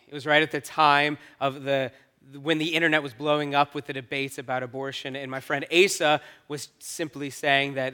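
A pastor tells a story from his own life in sermon style, animated and acting out each quote. His voice sits high for a man. The tone is bright and forceful. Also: smooth. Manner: animated, acts out quoted lines with rising energy.

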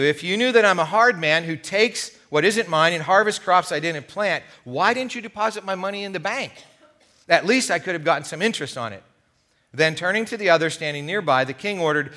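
Middle-aged male pastor, slightly high and bright tone, animated sermon storyteller. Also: a little fast. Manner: animated storytelling, acting out the parable's voices. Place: church sanctuary.

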